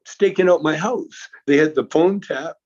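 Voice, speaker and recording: A male guest tells a long anecdote in a casual way, chuckling often, stammering and restarting his sentences. His voice sits on the high side with a darkish tone and moves at normal speed. The recording has a dull, lo-fi sound.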